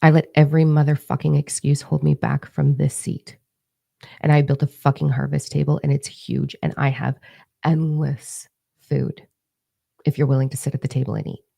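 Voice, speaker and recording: A woman's voice: low-pitched, level tone, normal speed, gravelly, warm tone. A woman spiritual coach talking straight to her live-stream viewers, blunt and emphatic, swearing heavily as she urges them on. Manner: blunt, heavy swearing, emphatic calls to action. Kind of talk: intense motivational talk to viewers.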